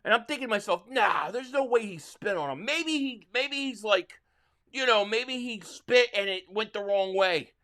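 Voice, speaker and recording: Guy streaming a football game reaction, high bright voice, all over the place, fed up and rambling. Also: expressive, normal speed. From Philadelphia area. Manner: frustrated, rambling fan talk reading super chats. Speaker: livestream reaction host. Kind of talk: live sports reaction stream.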